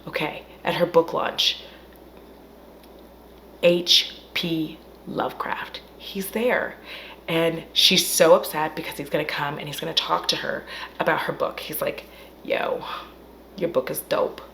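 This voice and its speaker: A woman with a slightly low voice tells a horror film's story to her viewers, animated and loose. She acts out the characters' lines in bursts and swears as she goes. A faint hiss sits under the recording. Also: unhurried, gravelly. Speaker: film reviewer. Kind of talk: casual film recap. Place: at home.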